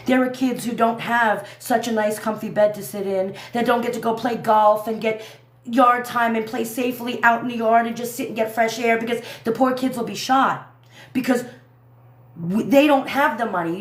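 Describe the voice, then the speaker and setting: A woman giving a heated, profane commentary rant on a livestream, repeating herself as she vents. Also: fairly high pitch. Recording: echoey room.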